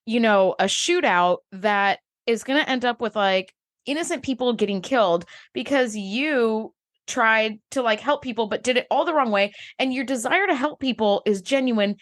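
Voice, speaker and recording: Woman podcast co-host, fairly high voice, blunt and profane recap chat. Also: expressive, normal speed, a bit bright. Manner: blunt and profane, acts out characters' lines. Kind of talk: casual chat recapping an episode.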